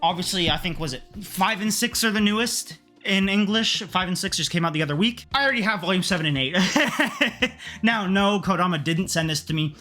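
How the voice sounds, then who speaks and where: An excitable man chats through a casual haul vlog in a bright, forward voice. He swears freely and works himself up into heated rants. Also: sits high, brisk, faint music behind. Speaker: manga collector vlogger.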